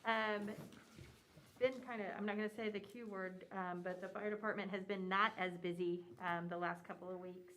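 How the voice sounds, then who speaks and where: Woman commissioner, mid-pitched, loose chatty council report with lots of ums. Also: steady tone, normal speed, fairly bright tone, slight background noise, poor audio. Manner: rambling, many fillers. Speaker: city commissioner.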